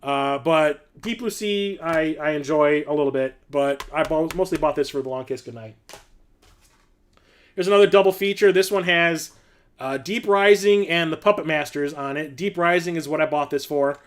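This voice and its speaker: A man's voice: fairly high pitch, moderate pace, clean tone. A man hosting a casual livestream, rambling enthusiastically with lots of fillers and casual swearing. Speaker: livestream host showing his film collection.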